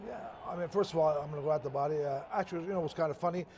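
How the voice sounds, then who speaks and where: A man's voice: fairly high pitch, racing, noisy background. An older man, a retired boxer, telling old fight stories in a casual interview, rambling and correcting himself as he goes. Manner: rambling, self-correcting, chuckles at own stories.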